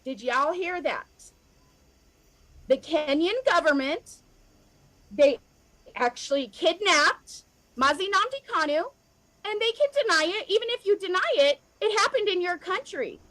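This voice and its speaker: A woman's voice: very high-pitched, animated, a little slow, pauses often, fairly bright tone, low-quality recording. An American woman speaking straight to camera in an emotional, impassioned rant, repeating herself and calling out governments directly. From United States. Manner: fiery, repetitive, addresses governments directly. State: emotional, near tears at times. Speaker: activist vlogger.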